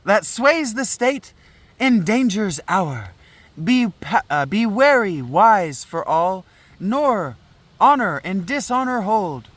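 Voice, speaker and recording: A man's voice: high-pitched, a bit bright, voice pushed up, full character voice. A man reading aloud the lines of a chorus of young women praying for a city, declaiming with sing-song lifts. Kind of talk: dramatic reading of an old play.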